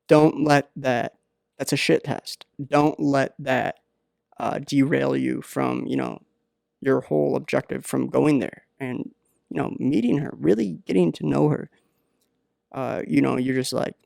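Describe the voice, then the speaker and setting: A man hosting a podcast, giving rambling deadpan comedic advice with many halting fillers. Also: medium pitch, gravelly, dry recording, clean studio sound. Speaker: podcast host.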